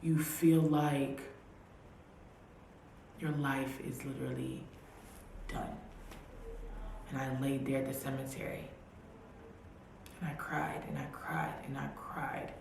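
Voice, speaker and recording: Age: adult. Sex: woman. Pitch: low. Pace: slow. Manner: emotional personal testimony, repeats phrases, sinks into hushed near-whisper. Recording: very echoey room, faint hiss. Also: little pitch movement, vocal fry. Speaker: vlogger.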